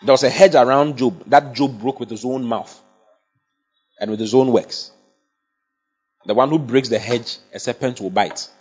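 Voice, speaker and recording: A man's voice: mid-range voice, moderate pace, long pauses, breathy edge. A man preaching a sermon, emphatic and often checking that his congregation follows. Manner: emphatic, asks the congregation for assent. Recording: dull lo-fi sound.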